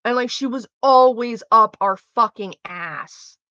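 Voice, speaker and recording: A woman's voice: fairly high pitch, unhurried, bright, forceful tone, no echo. A young woman streaming and reading her chat, rambling, swearing freely and trailing off mid-sentence. The sound is a little dull and lo-fi. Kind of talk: casual chat with a live audience. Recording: slightly dull lo-fi mic.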